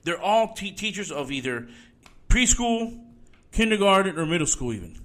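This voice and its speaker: Profane, forceful-voiced podcast host. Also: male voice, high voice, big pitch swings, moderate pace. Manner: profane, heated ranting. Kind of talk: solo opinion podcast rant.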